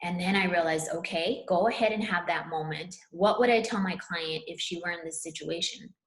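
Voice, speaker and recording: A woman speaking as a spiritual counselor, telling a personal story in an earnest, animated way. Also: fairly low pitch, normal speed, roomy sound. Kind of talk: casual conversation.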